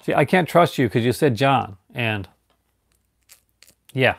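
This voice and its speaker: Man from Newfoundland, casual live-stream chat, gravelly voice, dry close sound, rambling with restarts. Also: medium pitch, animated, takes it slowly, dry recording. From Canada, Newfoundland. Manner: rambling, frequent restarts and fillers.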